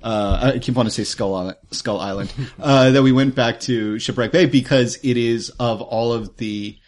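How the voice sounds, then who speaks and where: A man's voice: mid-range voice, normal speed, darkish tone. A man co-hosting a tabletop game podcast, talking casually with many restarts and fillers. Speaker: player and co-host. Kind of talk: post-session chat about a tabletop game.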